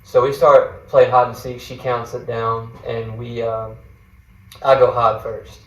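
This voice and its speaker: A man's voice: medium pitch, level tone, measured pace, roomy sound, far from the mic, poor audio. A man, a guest mentor, tells a personal faith story in an earnest, rambling way, full of fillers and restarts. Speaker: guest mentor sharing a testimony.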